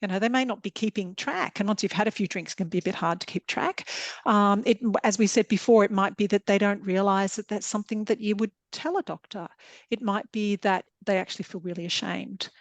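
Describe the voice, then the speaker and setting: A woman GP speaks on a video-call webinar panel, earnest and explanatory as she works through examples. Her voice sits at an ordinary pitch. It sounds dry, with no room echo. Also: brisk. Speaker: general practitioner.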